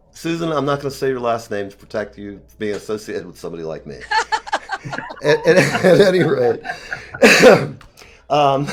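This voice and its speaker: A man in his fifties telling rambling personal stories in casual chat, animated and profane, often laughing. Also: medium pitch, slight background noise. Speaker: talk show guest.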